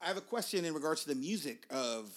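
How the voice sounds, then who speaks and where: A man co-hosting a casual podcast who tells stories in a profane, animated way. His voice is fairly high and swings widely in pitch. He talks loosely and jokes a lot. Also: fast. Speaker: podcast co-host. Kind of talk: casual chat.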